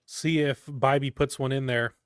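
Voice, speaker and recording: A man giving live fan play-by-play of a baseball game, calm between pitches and shouting on big plays. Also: normal speed, clear, resonant tone, no room sound, clean studio sound. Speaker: fan commentator.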